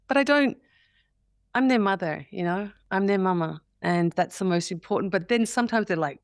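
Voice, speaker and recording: A woman's voice: mid-range voice, brisk, dry recording, clean studio sound. A woman in her forties with an Australian accent, chatting as an interview guest, laughing often and acting out quotes. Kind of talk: casual interview chat.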